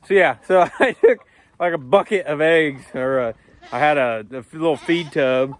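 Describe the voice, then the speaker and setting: A man, talking casually while doing farm chores and calling loudly to his animals. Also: fairly high pitch, moderate pace, slight background noise. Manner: calls loudly to animals, chatty and laughing. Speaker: farm vlogger. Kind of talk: casual farm vlog narration. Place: outdoors on a farm.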